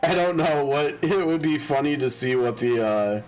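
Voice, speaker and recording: A man's voice: a little high, lively intonation, normal speed, a little mellow, soft background music, rough recording. A man casually commenting during a live game stream, thinking aloud, often chuckling and restarting his sentences.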